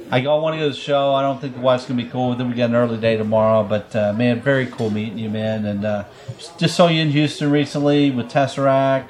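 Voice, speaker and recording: A man's voice: medium pitch, darkish tone. Profane rambling man telling a story. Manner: rambling, profane, laughs often. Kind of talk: casual storytelling chat.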